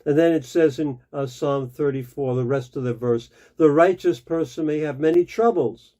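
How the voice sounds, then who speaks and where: A male pastor giving a devotional sermon, slow and emphatic, repeating key phrases. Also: a little high, dark tone.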